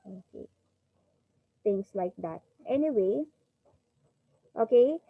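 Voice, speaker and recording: A woman's voice: mid-range voice, lively intonation, slow, gravelly, no room sound, phone-quality sound. A woman with a Filipino accent teaching an English class over a video call, mixing English and Tagalog and drawing out the words she models. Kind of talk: online class lecture.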